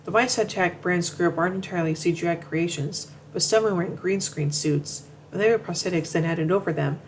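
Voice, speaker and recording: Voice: medium pitch, brisk, a little hiss or hum, poor audio. Stumbling narrator reading show commentary. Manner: reads from notes with frequent stumbles and restarts.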